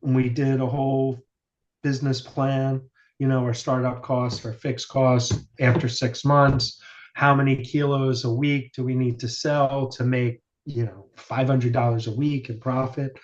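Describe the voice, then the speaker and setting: Rambling, excitable man on a podcast. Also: medium pitch, unhurried. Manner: rambling storyteller, swears casually, many fillers. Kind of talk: casual chat. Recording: dull lo-fi sound.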